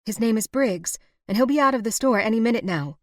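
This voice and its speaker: A woman's voice: on the high side, expressive, fast talker, no echo, studio quality, voice pushed up, natural voice. Woman voicing a defiant young frontier wife. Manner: heated and forceful.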